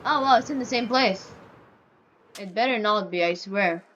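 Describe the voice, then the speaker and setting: A woman's voice: medium pitch, normal speed, fairly bright tone, dull audio, slight background noise. A woman casually commenting on her gameplay, playfully talking to the characters on screen and pleading with them in mock panic. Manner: playful, talks to game characters, yelps and mock pleas. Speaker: gaming video creator.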